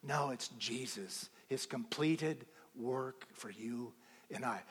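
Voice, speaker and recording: A man preaching a sermon as a pastor, swinging between loud exclaiming and hushed whispers. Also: mid-range voice, slow, slightly rough, long reverb tail.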